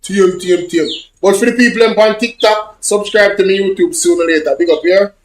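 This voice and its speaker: A high, quick voice comes through with reverb and slight background noise. The speaker, a male social media vlogger with a Jamaican accent, casually recounts rambling, repetitive patois stories for his online viewers.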